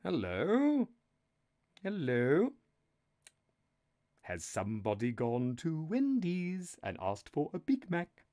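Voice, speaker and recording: A man's voice: fairly high pitch, wildly swooping pitch, measured pace, hardly any pauses, dark tone, muffled recording. A man hosting a live text adventure game, narrating in a sardonic, mock-menacing, sweary way.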